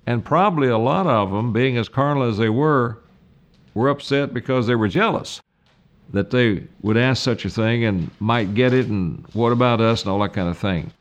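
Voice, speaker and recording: An older male pastor delivers a sermon in an earnest, deliberate way. His voice sits at a middle pitch. He leans on key phrases and slows down to drive them home. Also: muffled recording. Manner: earnest, deliberate preaching with slow emphatic stresses.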